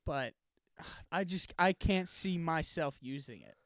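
A young man co-hosting a podcast in casual chat, playful and quick to laugh. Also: on the high side, lively intonation, fairly bright tone, no room sound, clean studio sound. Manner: playful, laughs often, acts out quoted greetings. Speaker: podcast co-host.

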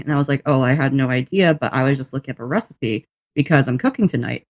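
A woman's voice: rumbling low, fast, no room sound. A woman co-hosting a podcast, telling a personal story in casual chat and acting out both sides of each exchange. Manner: animated storyteller who acts out both sides of conversations and laughs often; swears casually. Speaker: podcast co-host.

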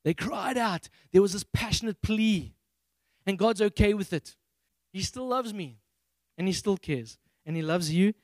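A man from Africa, preaching a sermon on a handheld mic and acting out prayers in a high, excited voice. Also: unhurried, no room sound. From South Africa. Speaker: pastor.

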